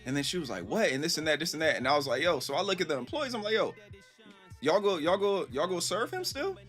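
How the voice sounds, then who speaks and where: A man telling a story casually to his live stream chat, animated and rambling, acting out the voices he quotes. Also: a little high, fast, soft background music.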